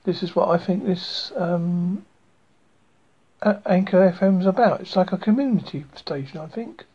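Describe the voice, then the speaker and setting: A man's voice: sits high, moderate pace, slightly rough, muffled recording. A man from England hosting a small community radio show, chatting in a rambling, self-deprecating way. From England, Essex. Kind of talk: rambling casual radio chat.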